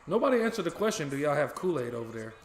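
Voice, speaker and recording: A man's voice: on the high side, sing-song, rapid-fire. A young American man chatting casually and jokingly with viewers on a live stream, swearing freely as he goes. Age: young adult. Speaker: stream co-host. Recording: roomy echo.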